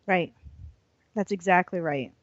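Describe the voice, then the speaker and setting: A woman early childhood educator co-hosting a podcast, chatting casually with quick laughs. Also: on the low side, dry recording. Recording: slightly dull lo-fi sound.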